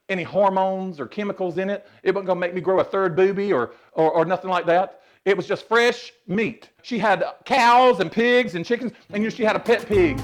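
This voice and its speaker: A man in drag persona, hosting a comedic cooking show and telling sassy, salty joke stories in a kitchen. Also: sits high. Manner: sassy, salty storytelling with laughs.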